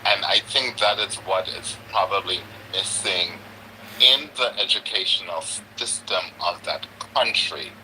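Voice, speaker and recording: A man joining a live-stream chat, animated and asking pointed rhetorical questions. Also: deep voice, a little slow, a little hiss or hum, rough recording. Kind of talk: casual chat.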